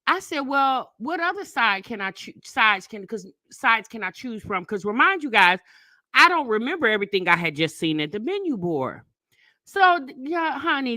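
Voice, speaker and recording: A middle-aged woman, chatting casually on a live stream and telling stories, animated and laughing often. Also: fairly high pitch, normal speed, no room sound. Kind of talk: casual live chat storytelling.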